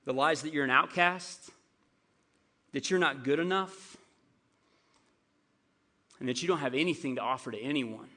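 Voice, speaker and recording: A man voicing Jesus, kind and gently teasing, close to his own speaking voice. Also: mid-range voice, normal speed, pauses often. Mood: gentle. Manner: kind, with a hint of sarcasm.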